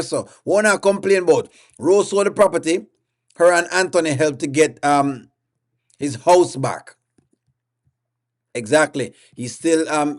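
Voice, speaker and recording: A man with a Jamaican accent and a slightly high voice hosts a casual livestream. He coaxes his viewers and repeats himself while reading their comments aloud.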